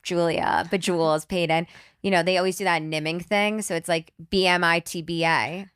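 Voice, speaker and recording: A young woman from New Jersey hosts a podcast with casual chat, drifting through a long story with quick asides. Her voice is smooth and clear. The sound is close and dry, with no room echo. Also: lowish voice, fairly even intonation, fairly bright tone. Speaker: podcast host.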